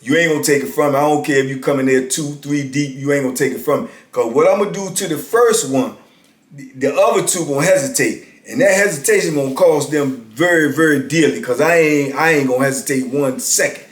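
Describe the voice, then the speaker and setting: Male storyteller, 50s, slightly raised pitch, emphatic and repetitive, roomy sound. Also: a little fast. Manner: emphatic, repeats lines for weight. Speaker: storyteller recounting prison life. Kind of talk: casual storytelling. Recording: roomy echo.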